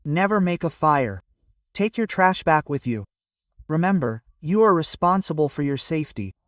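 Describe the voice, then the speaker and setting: Male vlogger, slightly high voice, dry and distant outdoor camera sound, out of breath on a climb. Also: animated, moderate pace, fairly bright tone, no echo. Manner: chatty, keeps prompting viewers with "look" and "right?". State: panting from climbing. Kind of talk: casual hiking vlog narration.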